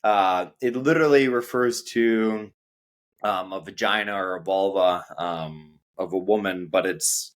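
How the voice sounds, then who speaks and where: Measured man, low voice. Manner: measured, hesitant with frequent "um". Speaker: co-host of an English lesson. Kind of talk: casual conversational teaching.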